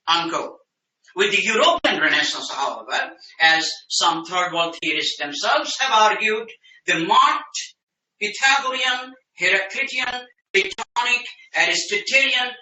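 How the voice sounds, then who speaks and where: A man's voice: high-pitched, bright, forceful tone. A man giving an academic lecture as a professor. He speaks emphatically, in dense scholarly phrasing with frequent restarts. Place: lecture room. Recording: roomy, distant mic in a lecture room.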